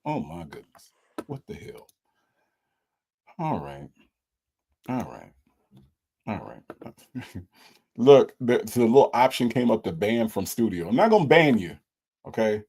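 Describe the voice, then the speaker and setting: A man's voice: lowish voice, slow pace, pauses often, slightly rough. Male livestream host on a video call, exclaims a lot, voice rises and falls widely. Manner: animated, exclaiming. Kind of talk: casual livestream panel chat.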